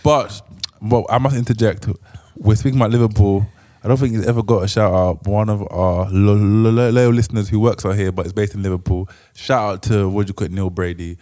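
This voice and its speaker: A man's voice: lowish voice, steady tone, a little fast, warm tone. A young man, chatting casually on a podcast with wry, teasing interjections. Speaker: podcast co-host. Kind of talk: casual chat.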